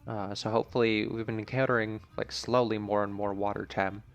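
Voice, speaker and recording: A man with a low, gravelly voice, casually talking through a video game playthrough. He speaks in a chatty, joking way while thinking aloud about his choices, and faint game music runs in the background. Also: flat delivery, brisk, highs cut off. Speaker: gaming channel host. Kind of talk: let's play commentary.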